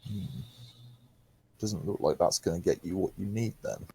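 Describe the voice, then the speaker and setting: A man voicing a gruff, weary grown man who answers in short, deadpan lines in a tabletop role-play. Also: low voice, moderate pace, heavily acted. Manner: terse, dry, deadpan replies.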